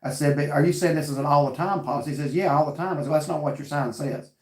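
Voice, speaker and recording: A vlog host from North Carolina reads live chat while hosting a casual chat, earnestly telling a story with quoted back-and-forth dialogue. His voice is a little high and racing, with a roomy sound.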